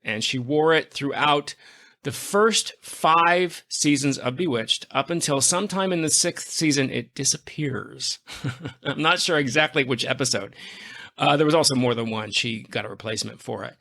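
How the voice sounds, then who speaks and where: A man's voice: on the high side, creaky, bright, forceful tone. A man hosting a podcast in casual chat, an effusive storyteller who gushes with enthusiasm. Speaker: podcast host.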